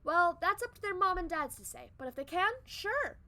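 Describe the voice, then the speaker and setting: Reading a story, a woman voices a cheerful housewife mother in a sing-song, motherly tone. Her very high voice is pushed and bright, pitched above her own, animated and heavily acted, at a moderate pace.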